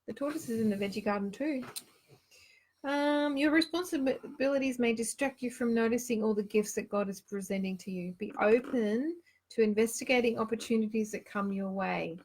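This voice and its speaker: A woman's voice: on the high side, normal speed, a little mellow. A woman casually chatting and reading cards aloud on a live stream, giggling often. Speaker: card reader hosting a live show.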